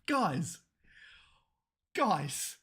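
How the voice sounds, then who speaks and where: A woman giving live reaction commentary, excitable and swearing, stammering through restarts as her voice goes hoarse. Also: fairly low pitch, drawn-out words. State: voice going hoarse. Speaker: manga reaction streamer.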